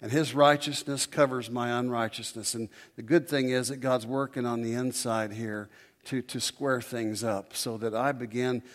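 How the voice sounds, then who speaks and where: Male preacher, mid-range voice, emphatic sermon delivery with drawn-out pauses. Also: medium pitch, fairly even intonation.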